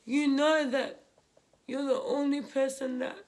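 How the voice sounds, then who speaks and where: A young woman, telling a painful family story in a vlog while crying, halting and repeating herself. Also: high voice, fairly even intonation, a little mellow. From Australia. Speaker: vlogger. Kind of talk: emotional personal story while doing makeup. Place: home room, indoors.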